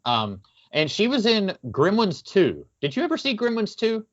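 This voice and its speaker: A man's voice: sits high, wildly swooping pitch, normal speed, highs cut off. A man co-hosting a podcast, talking casually about a film with lots of fillers. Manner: chatty, many fillers, quotes lines in character. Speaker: podcast co-host.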